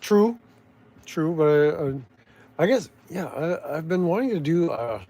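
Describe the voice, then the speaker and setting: Warm-toned and on the high side, this Canadian man speaks a little slowly with lively intonation. As a vlogger, he gives wandering, sardonic casual commentary, frequently restarting and drifting off mid-thought.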